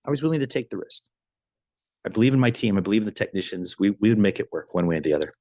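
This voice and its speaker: A man giving a motivational business training talk, telling a story with lively enthusiasm and frequent restarts and repeated words. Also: low-pitched, fast talker, no echo.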